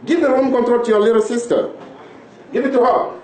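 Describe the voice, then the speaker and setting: A man's voice: mid-range voice, brisk, lightly acted, poor audio. A man playing a stern family father. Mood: scolding. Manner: firm, scolding, then calm and reconciling. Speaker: father of the household. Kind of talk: family skit acting.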